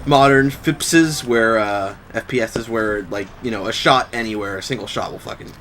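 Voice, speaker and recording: A man's voice: fairly low pitch, normal speed, fairly bright tone, slight background noise, poor audio. A man casually commenting while playing a shooter game, laid-back, swearing now and then and explaining the game's mechanics. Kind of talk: casual let's play commentary.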